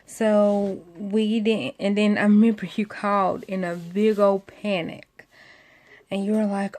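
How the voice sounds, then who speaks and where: A woman's voice: medium pitch, level tone, unhurried, a little mellow. A young woman, telling a friend a long story in a casual, rambling way, full of fillers and acted-out quotes. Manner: rambling, many fillers, acts out quoted voices.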